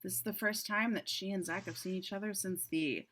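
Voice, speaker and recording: A woman with a bright, clear voice reads the stage directions of a screenplay in a loose, casual way. She drops little jokes and asides between the lines. She sounds like she is on a home mic in a video-call reading. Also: mid-range voice, steady tone, brisk. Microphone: home computer mic on video call.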